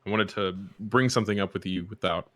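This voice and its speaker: Man voicing a polite adventurer, formal, measured, very deep, dry. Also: fairly bright tone, no echo, close to an everyday voice. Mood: earnest. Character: courteous, earnest adventurer.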